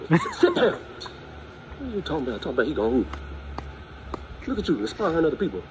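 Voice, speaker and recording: A loud, pushy male basketball coach, played by a man in a comedy sketch, who nags his player in a high voice that jumps all over. He fires his words off fast over a crowd of noise. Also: huge pitch swings, low-quality recording. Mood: badgering. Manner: rapid, badgering, shouting.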